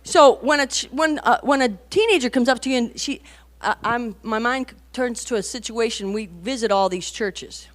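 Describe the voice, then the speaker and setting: A woman's voice: fairly high pitch, normal speed. A woman in her forties giving a conversational sermon to mothers and teenagers, telling stories with frequent rhetorical asides and emphatic bursts. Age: 40s. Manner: animated storytelling, rising to emphatic bursts. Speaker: women's conference speaker.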